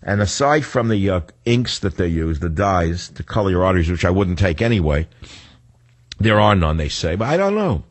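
A man's voice: low-pitched, big pitch swings, normal speed, no echo. An older man hosting a talk radio show, delivering a rambling, sarcastic monologue with frequent restarts and self-corrections.

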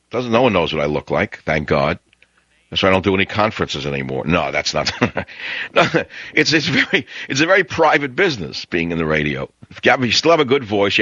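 A man with a New York accent hosting a talk radio show, ranting sarcastically and jumping his pitch up high for emphasis. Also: bright, forceful tone, no echo. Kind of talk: opinionated radio monologue. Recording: dry, dull lo-fi radio audio.

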